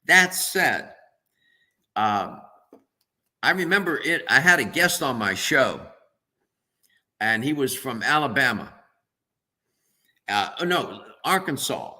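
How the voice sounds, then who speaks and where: Brief: man, nutritionist guest, bright forceful tone, earnest and emphatic on radio. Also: mid-range voice, sing-song, takes it slowly, pauses often. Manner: earnest, emphatic, thinks aloud. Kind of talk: radio interview answer.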